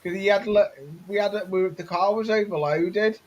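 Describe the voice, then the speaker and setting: A man's voice: sits high, fairly even intonation, normal speed, lo-fi sound. A man, a live streamer telling rambling stories in casual chat. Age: 40s. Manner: rambling storyteller.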